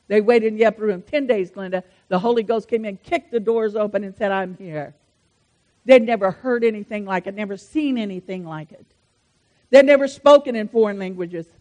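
A woman preacher, delivering a fervent sermon that swings between loud declarations and soft asides. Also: a little high. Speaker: pastor.

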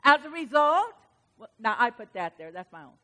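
A woman preacher delivers a sermon with passion and emphasis, her voice pitched high and bright. She swings from quiet asides to loud, fervent exclamations. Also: sing-song, normal speed. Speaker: preacher to women.

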